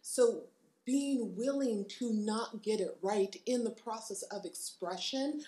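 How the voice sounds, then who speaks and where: A woman's voice: a little high, slow pace, mellow, echoey room. A woman co-hosting a casual chat, encouraging and reflective, sometimes laughing as she speaks. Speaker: podcast co-host.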